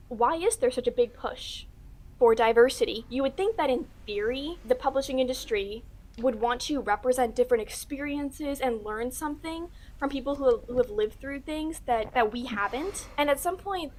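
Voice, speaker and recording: A woman delivering an opinionated commentary in a brisk, assertive and dismissive manner. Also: high voice. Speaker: video commentator.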